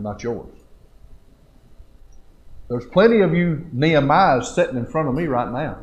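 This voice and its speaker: A man's voice: medium pitch, poor audio. A man preaching a live church sermon, folksy and exhorting, building with rhetorical questions. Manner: colloquial country phrasing. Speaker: lay preacher. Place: church sanctuary.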